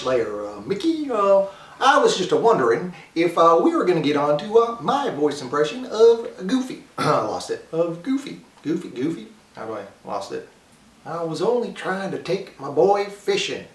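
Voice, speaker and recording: A man voicing a dopey, good-natured cartoon dog-man with a slow drawl. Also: a little high, very animated. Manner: dopey drawl, throat-clearing. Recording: echoey room, far from mic.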